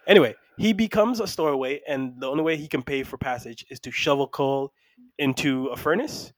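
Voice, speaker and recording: A man co-hosting a casual movie review chat, animated and quick to act out scenes and laugh. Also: mid-range voice. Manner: animated, acts out scenes in voices, laughs often. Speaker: podcast co-host.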